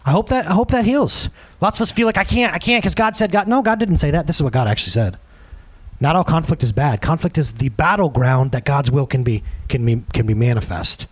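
A man's voice: on the high side, brisk, husky. A man in his thirties, a pastor, preaching a conversational sermon and acting out quotes in other voices. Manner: conversational, animated, acts out quotes.

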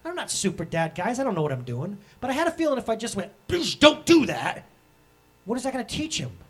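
A man in his thirties preaching a sermon as pastor, animated and acting out the voices he quotes. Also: extremely high pitch, racing, slightly rough.

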